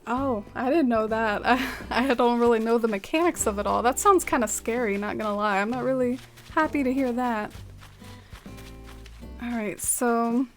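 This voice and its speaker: A woman's voice: fairly high pitch, moderate pace, faint music behind. A young woman streaming a game and chatting casually with viewers, filling her talk with "like" and "um" and laughing often. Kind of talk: casual gameplay chat with viewers.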